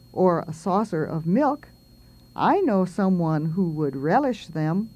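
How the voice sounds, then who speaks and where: A woman's voice: mid-range voice, a little mellow, rough recording. A woman voicing a proud, aloof cat saying a haughty, sly prayer.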